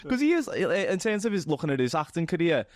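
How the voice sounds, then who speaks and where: A man with a North Liverpool accent interviewing a guest in a relaxed, chatty way, agreeing often and asking loose questions. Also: on the high side, a little fast, dry recording, clean studio sound. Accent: North Liverpool (Scouse). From North Liverpool, England. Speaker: interviewer, local journalist. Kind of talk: casual interview chat.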